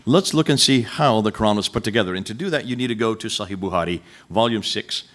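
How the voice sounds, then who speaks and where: A man's voice: lowish voice, fast, a bit bright. A man giving a lecture to a live audience, emphatic and full of rhetorical questions, speaking directly to the people in the room.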